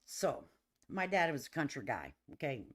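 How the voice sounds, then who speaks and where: A middle-aged woman hosting a livestream, telling stories in casual chat, laughing often, and talking lively and emphatically to her viewers. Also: deep voice, normal speed. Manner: laughs often, lively and emphatic, addresses listeners as honey and baby. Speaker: livestream host.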